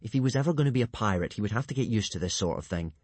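A man reading a story aloud with lively, dramatic narration. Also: fairly low pitch, rapid-fire, dry recording.

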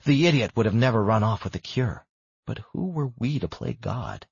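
Man, first-person audiobook narration, husky, low voice, dull lo-fi recording. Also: lively intonation, moderate pace, dry recording.

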